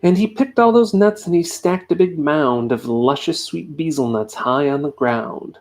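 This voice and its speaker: A man reading a children's rhyming story aloud at home into a desk USB microphone, giving the characters lively voices. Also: on the high side, moderate pace, few pauses. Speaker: reader. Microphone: USB desk microphone on a tripod.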